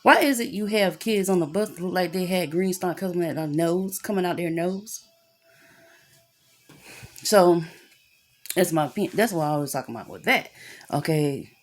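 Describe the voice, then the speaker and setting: A woman's voice: on the low side, normal speed, pauses often. A woman, telling a story about her son in an angry rant full of profanity. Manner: angry, profane, talks with lots of cussing.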